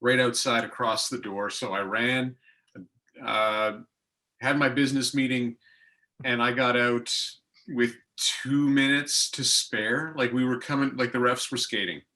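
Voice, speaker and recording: A male podcast co-host tells stories in a lively, self-mocking way. His voice sounds bright and forceful. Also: medium pitch, a little slow. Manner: animated anecdote-telling, self-mocking. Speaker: co-host, hockey broadcaster. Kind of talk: casual chat.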